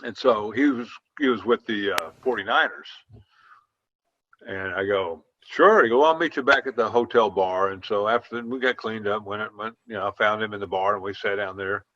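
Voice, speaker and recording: A man's voice: on the low side, a bit bright. An older man, a former football player, telling long folksy anecdotes in casual chat over a video call. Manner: folksy, drawn-out anecdotes with quoted dialogue. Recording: dull lo-fi sound.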